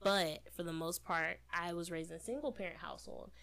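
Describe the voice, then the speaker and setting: A woman's voice: lowish voice, brisk, creaky, a bit bright. A woman co-hosting a casual podcast, explaining her views in long, earnest run-on talk. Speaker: podcast co-host.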